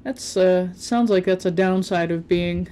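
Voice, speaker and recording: A woman co-hosting a podcast, chatting casually and making quick joking asides. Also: fairly low pitch, dark tone. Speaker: podcast co-host. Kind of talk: casual chat.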